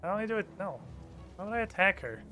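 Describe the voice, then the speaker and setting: A male streamer with a high, bright voice chats over his game, his pitch swinging animatedly. Quiet game music plays underneath. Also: fast talker. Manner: chatty and animated, with fillers. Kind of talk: casual gameplay commentary.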